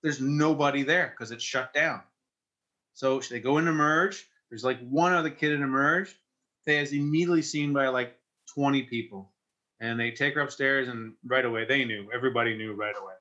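In a lo-fi interview, a Canadian firefighter and investor in his forties tells an emotional personal story, halting and restarting often. His mid-range voice is bright and forceful.

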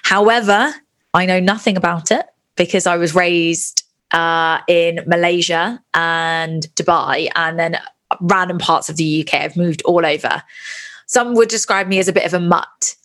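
A woman's voice: lowish voice, steady tone, unhurried, a bit bright. A well-spoken woman from the UK with a posh southern English accent, a guest chatting casually in an interview over a video call and laughing easily. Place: Bali, Indonesia.

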